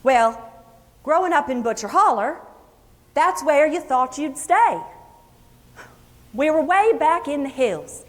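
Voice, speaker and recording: An actress playing a folksy Kentucky hill singer. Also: female voice, high voice, big pitch swings, full character voice. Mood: reminiscing. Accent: Kentucky Appalachian. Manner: folksy, chatty, unhurried storytelling. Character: homespun Kentucky country singer woman, plainspoken, fond storyteller. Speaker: actress in a historical portrayal. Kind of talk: first-person historical monologue. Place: luncheon hall before an audience. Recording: echoey hall with long reverb.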